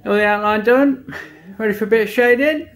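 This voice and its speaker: A man's voice: high voice, brisk. A man in his fifties who builds custom motorcycles and tattoos, giving casual, blunt commentary on his work in a workshop and swearing freely.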